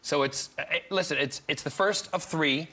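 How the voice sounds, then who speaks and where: A man's voice: on the high side, moderate pace, sharp tone. A man in his fifties from Scotland, co-author of a book, speaking enthusiastically as a guest and teasing his sister. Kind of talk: interview guest.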